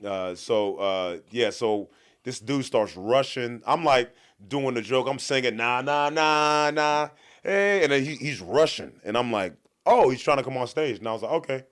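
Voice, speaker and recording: Animated comedian telling stories. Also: male voice, medium pitch, normal speed. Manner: animated storyteller who acts out voices in quotes. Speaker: guest comedian. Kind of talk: casual podcast chat.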